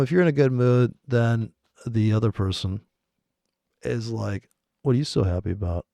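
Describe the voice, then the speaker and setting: Gravelly, profane, rambling man. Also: mid-range voice, darkish tone, no room sound, clean studio sound. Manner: rambling, profane, sarcastic asides. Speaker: trading commentator. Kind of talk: casual trading chat over charts.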